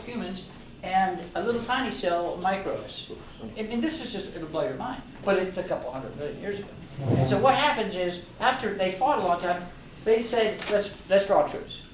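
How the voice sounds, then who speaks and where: A man's voice: high-pitched, noisy background. An older man speaks as a guest lecturer, rambling and enthusiastic as he trades quips with the audience. He is heard from a distant mic in a very echoey meeting room, with faint ambience underneath. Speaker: retired doctor giving a guest talk. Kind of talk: informal lecture to a club audience.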